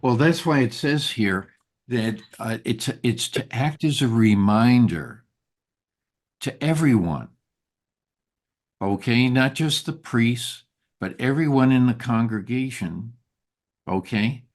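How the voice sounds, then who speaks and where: Slow, halting man leading Torah study. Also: mid-range voice, expressive. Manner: halting, many fillers and restarts. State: losing his voice. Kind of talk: leading a group Bible study. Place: synagogue study room.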